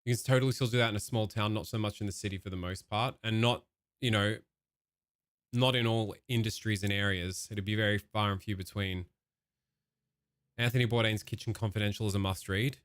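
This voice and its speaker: A man giving casual, profane reaction commentary as a streamer, given to animated rants. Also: on the low side, fairly quick, no echo, clean studio sound.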